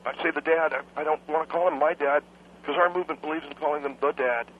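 A man's voice: a little high, fairly even intonation, quick pace, a little hiss or hum. A young adult man calling in to a radio show, cheeky and rambling, stumbling over his words. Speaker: radio caller. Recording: tinny phone line.

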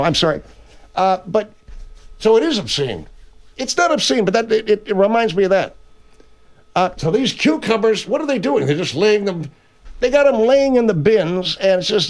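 A man playing a brash grocery store owner who hosts his own radio show, rambling and correcting himself in an improvised comedy bit. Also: high-pitched. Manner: blustery, rambling, self-correcting. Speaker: radio host character.

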